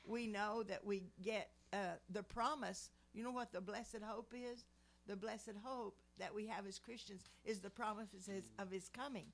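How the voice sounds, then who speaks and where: Gravelly-voiced woman in her seventies preaching. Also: medium pitch, steady tone, measured pace. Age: 70s. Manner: earnest, preacherly. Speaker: Christian speaker. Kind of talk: prayer and devotional teaching.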